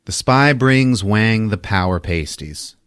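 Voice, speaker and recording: A man's voice: lowish voice, animated, slow, fairly bright tone, smooth, no room sound, studio quality. A man hosting a podcast, casually recapping a movie in an amused, chuckling way.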